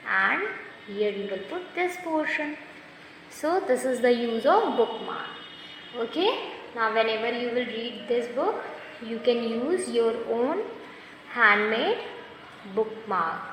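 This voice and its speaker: Patiently and slowly, a craft teacher instructs children step by step and praises them frequently. Her voice has a fairly high pitch, and the very echoey, long-reverb recording carries a little hiss or hum.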